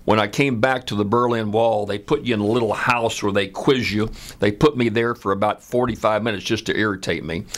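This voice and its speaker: A man in his seventies from the United States, telling a personal story in an unhurried, conversational way with frequent "uh" fillers. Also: fairly low pitch, fairly even intonation, fairly bright tone. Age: 70s.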